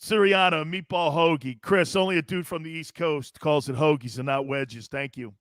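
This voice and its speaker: A male sports talk host with a high-pitched voice. He talks in an animated, joking way. The sound is dry and close, with no room echo. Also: normal speed. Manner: animated, joking, often laughing. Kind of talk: casual sports radio talk.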